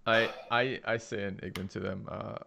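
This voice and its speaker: A man's voice: on the low side, fairly even intonation, moderate pace, creaky, bright, forceful tone, a little hiss or hum. A man hosting and playing a tabletop game, playful and wry. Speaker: host and player. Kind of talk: casual tabletop play.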